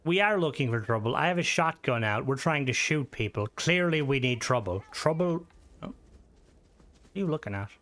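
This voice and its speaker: A man streaming a game, chatting loosely with viewers while he plays, swearing freely and breaking into excited outbursts. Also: medium pitch, moderate pace. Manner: rambling, profane, reads and answers chat while playing; excitable outbursts during gameplay. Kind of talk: casual gaming livestream chat.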